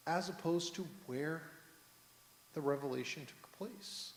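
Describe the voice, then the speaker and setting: Rabbi preaching in a reverberant sanctuary. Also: male voice, fairly high pitch, measured pace. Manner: storytelling, asks the congregation questions. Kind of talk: sermon. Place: synagogue sanctuary, on the bima. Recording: echoey hall, roomy reverb.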